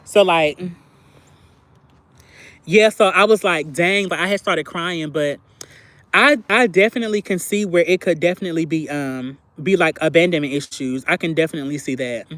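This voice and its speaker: Speaking at normal speed in a fairly low, slightly bright voice with no echo, a woman hosts a livestream. She reacts to viewers in a relaxed, candid, confessional chat, full of filler words.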